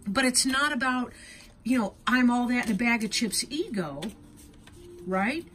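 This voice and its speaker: Earnest higher-voiced woman reading tarot. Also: lively intonation, unhurried, a bit bright, slight background noise. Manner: earnest, emotional, tag questions like "right?". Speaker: tarot reader.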